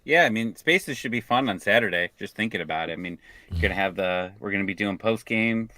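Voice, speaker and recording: A man's voice: lowish voice, animated, fairly quick, bright, forceful tone, dry recording. A man co-hosting a podcast, joking and rambling in a casual, self-mocking way. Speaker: podcast co-host.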